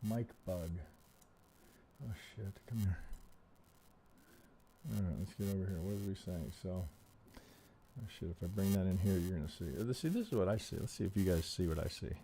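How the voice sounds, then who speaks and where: A man's voice: low voice, normal speed, long pauses, dark tone, slight background noise. A man hosting a trading live stream, talking casually and bluntly with frequent swearing, close to a desk mic. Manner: blunt and profane, thinking aloud while troubleshooting.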